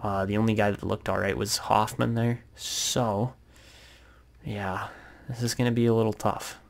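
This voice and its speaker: A young man with a fairly low voice and a gravelly, creaky edge talks through his game in a relaxed way. He thinks aloud and fills pauses with ums and uhs as he plans. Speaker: gaming YouTuber. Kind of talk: casual gameplay commentary.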